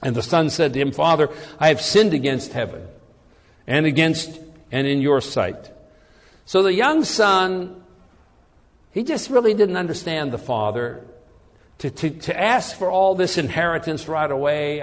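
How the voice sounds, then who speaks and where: A man's voice: on the high side, lively intonation, measured pace, long reverb tail. A man preaching a sermon in an earnest way, often repeating words as he searches for the phrasing.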